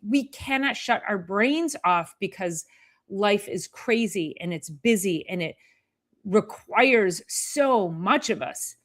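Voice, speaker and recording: A woman chiropractor hosting a live health talk, chatting casually and acting out her patients with playful sing-song sounds. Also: mid-range voice.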